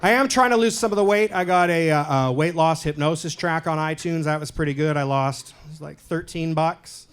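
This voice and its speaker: A male stand-up comedian from Canada doing a set in a comedy club, deadpan and self-deprecating, with loud punchlines. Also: fairly high pitch, fairly quick, few pauses, slight background noise.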